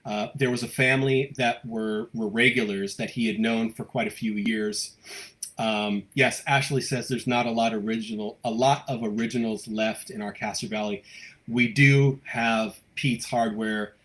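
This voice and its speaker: A man's voice: lowish voice, steady tone, moderate pace, a bit bright. A man hosting a live local news stream, chatting casually and reading out viewer comments, with many fillers and restarts. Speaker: host of a local news livestream.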